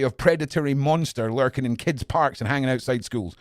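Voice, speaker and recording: A man hosting a podcast, reading headlines aloud and ranting at them, swearing often and swinging from low mutters to shouts. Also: a little fast, few pauses, dry recording, clean studio sound. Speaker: podcast host reading news. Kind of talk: ranting news commentary.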